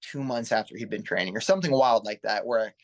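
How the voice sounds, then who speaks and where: Fairly low-pitched and fast-talking, a man in his twenties guests on a casual interview as a pro wrestler. He tells his story earnestly, wandering as he goes and correcting himself often.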